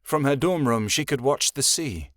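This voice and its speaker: A man reading a fantasy audiobook as narrator, in a steady, measured way. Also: medium pitch, dry recording, clean studio sound. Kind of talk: scripted narration.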